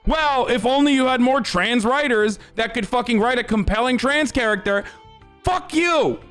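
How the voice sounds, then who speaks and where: Young man, very high voice, angry profane livestream rant, faint music behind. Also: clear, resonant tone. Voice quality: profane, fast, shouting in bursts. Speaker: streamer.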